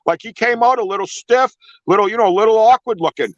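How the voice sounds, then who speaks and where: A man's voice: sits high, fast, dry recording, dull audio. Crude, rambling man in casual banter. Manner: crude, rambling, laughs often, heavy swearing.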